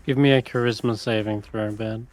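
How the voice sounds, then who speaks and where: A man narrating as dungeon master in a tabletop game, describing the scene deliberately. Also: lowish voice, steady tone, darkish tone, faint music behind.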